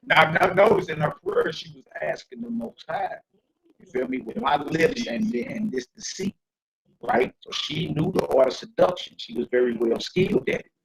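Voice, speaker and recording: A man leading a streamed bible study in an animated, joking, slangy preaching manner. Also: high voice, normal speed, gravelly, rough recording.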